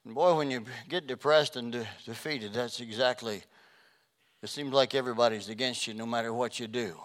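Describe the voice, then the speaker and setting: A man preaching a sermon as a pastor, passionate and swinging between loud and hushed delivery. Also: medium pitch, fairly even intonation, moderate pace.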